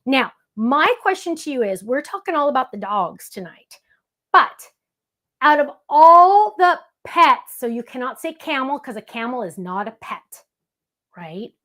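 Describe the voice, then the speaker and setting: Hosting a live-streamed craft demo, a woman with a high, slightly bright voice chats playfully with her viewers in the chat as she works at her table. She sounds animated and talks at a normal speed.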